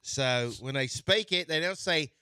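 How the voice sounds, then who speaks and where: A man hosting a sports radio show, talking in an animated, playfully argumentative way. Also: fairly high pitch, measured pace, clean tone, dry recording, clean studio sound. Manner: animated, playfully argumentative, jumps between topics. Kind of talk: casual sports talk banter. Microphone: studio mic.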